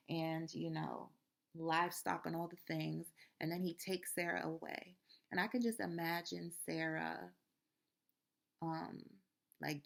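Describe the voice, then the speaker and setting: A woman's voice: on the low side, creaky. A woman hosting a Christian video, retelling a Bible story in a chatty, casual way full of fillers. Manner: chatty, full of "you know" and "like".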